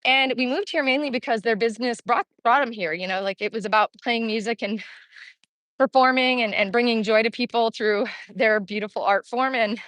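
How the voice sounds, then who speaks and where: A woman's voice: a little high, fairly quick, a bit bright, dry recording. Breathless woman walking and livestreaming. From Kansas City, Missouri. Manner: chatty, upbeat, answers viewer comments while walking. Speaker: Las Vegas real estate vlogger. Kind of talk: live-streamed walking vlog. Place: outdoor street, in summer heat. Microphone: phone held while walking.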